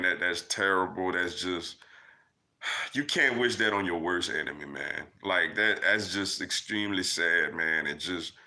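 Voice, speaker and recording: He has a deep voice that sounds pushed and bright. As a young livestream host, he works through chat comments in an easygoing Q&A, peppering his talk with "man" and "yo."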